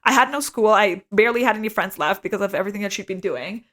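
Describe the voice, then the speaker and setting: A young adult woman telling a story as a podcast co-host, animated, swearing freely and saying "like" a lot. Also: mid-range voice, quick pace. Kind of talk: casual storytelling chat.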